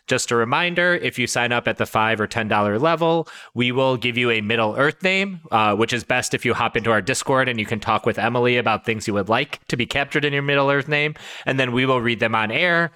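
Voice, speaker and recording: A man co-hosts a casual podcast, talking easily and laughing lightly between thoughts. His voice is bright and forward, with a smooth, clear resonance. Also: medium pitch. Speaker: podcast co-host.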